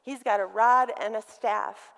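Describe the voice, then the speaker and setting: A woman's voice: medium pitch, fairly even intonation, a little slow, vocal fry, a bit bright. A middle-aged woman delivering a sermon to women, emphatic and calling on her listeners to repeat key words. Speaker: women's ministry speaker. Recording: long reverb from a hall.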